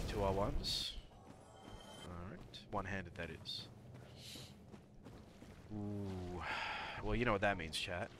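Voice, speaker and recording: A man with a lowish voice streams a game live, chatting slowly and joking with his viewers while taunting on-screen enemies. He speaks into a desk mic, and a steady hiss of noise sits under the game sound. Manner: chatty, jokey, talks to chat and enemies. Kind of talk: live gameplay commentary.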